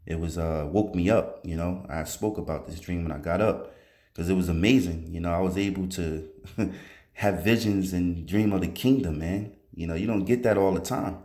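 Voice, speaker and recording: Low-pitched man, testimony storyteller, loose rambling delivery full of "you know" and restarts. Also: normal speed, a little mellow. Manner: rambling, conversational, many fillers and restarts. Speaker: testifying believer. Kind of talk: recounting a dream as a religious testimony.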